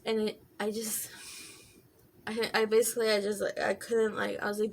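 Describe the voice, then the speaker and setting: A woman's voice: mid-range voice, monotone, normal speed, gravelly, slight background noise. A woman telling a casual storytime vlog while doing her makeup, talking in loose chatty runs full of fillers and restarts. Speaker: vlogger.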